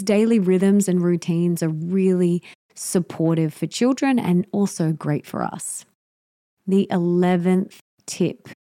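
A woman's voice: lowish voice, warm tone, dry recording, studio quality. A young woman hosting a solo podcast, giving parenting tips in an earnest, emphatic way that repeats key points. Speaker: podcast host.

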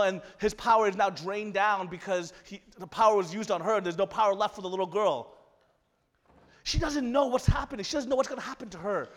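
Male preacher with a high voice, lively storytelling sermon, acts out each character. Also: big-room sound. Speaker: pastor.

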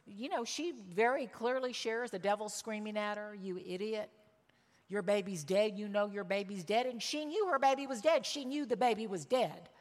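A woman preaching a sermon, telling a story with emotion and shifting from loud cries to hushed words. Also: mid-range voice, long reverb tail. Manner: emotional, swings from loud exclamations to hushed tones.

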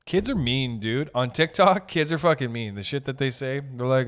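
A man's voice: mid-range voice, expressive, a little fast, hardly any pauses. A young man hosting a podcast, ranting casually with profanity and jokey asides. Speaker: podcast host. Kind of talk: casual comedic podcast rant.

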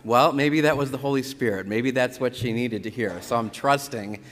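A Catholic priest giving a conversational sermon, telling stories from the pulpit with lively retellings. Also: male voice, mid-range voice, normal speed, slight background noise. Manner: conversational storytelling, animated retellings. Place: church. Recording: church reverb.

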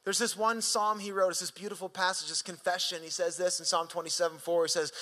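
A male pastor preaching a sermon in an animated, conversational way, swinging from sudden rises to quiet drops. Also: sits high, fast, hardly any pauses, in a large hall.

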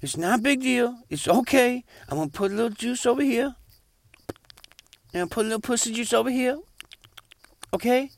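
A man's voice: extremely high pitch, normal speed, gravelly, long pauses, dry recording. A man voicing a flamboyant, teasing young friend who talks in a soothing, suggestive way in a comedy podcast sketch. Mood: cheeky.

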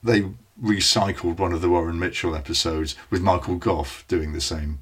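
A man's voice: deep voice, steady tone, normal speed, husky. A man co-hosting a podcast, chatting casually in a knowledgeable, matter-of-fact way. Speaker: podcast co-host. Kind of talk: casual chat about old television.

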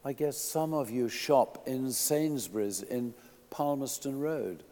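A man preaching a sermon in a church, emphatic, swinging from quiet asides to loud declarations. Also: mid-range voice, slow pace, in a large hall.

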